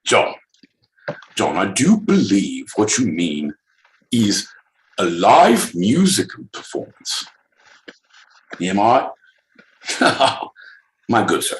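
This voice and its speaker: A man voicing a pompous upper-class English gentleman with a put-on posh English accent. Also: on the low side, big pitch swings, reverberant, slight background noise. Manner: pompous, drawn-out.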